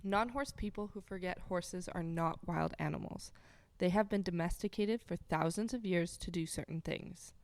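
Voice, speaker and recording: A woman's voice: on the low side, normal speed, hardly any pauses, a little mellow, no room sound. A woman co-hosting a podcast, giving blunt, frank opinions in casual chat. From agricultural background. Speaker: podcast co-host.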